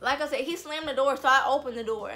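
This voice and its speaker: A young woman telling a storytime vlog, animated and blunt, swearing freely. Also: high voice, fast talker, faint music behind. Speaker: vlogger.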